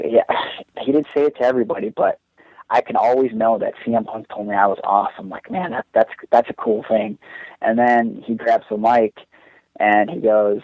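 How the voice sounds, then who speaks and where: A man's voice: medium pitch, darkish tone, dry recording. A young man, a wrestler guest on a podcast, telling a long story casually with many restarts and fillers. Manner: rambling, lots of "like" and restarts. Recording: dull lo-fi podcast audio.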